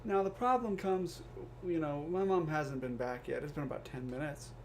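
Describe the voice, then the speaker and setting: A young man, a podcast co-host, telling a comedic story with animated delivery and swearing. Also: a little high, normal speed. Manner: animated, swearing, acts out quoted voices. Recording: faint background noise.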